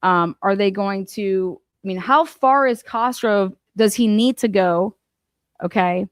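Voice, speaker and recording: A woman's voice: mid-range voice, a little slow, clear, resonant tone, no room sound, clean studio sound. A woman giving angry, profane commentary on a court case, firing rhetorical questions straight at the people she talks about. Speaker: commentary host.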